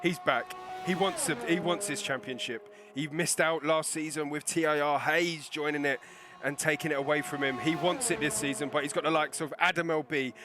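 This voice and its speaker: A man doing live sim racing commentary, excitable and quick to laugh, often reading out the chat. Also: fairly high pitch.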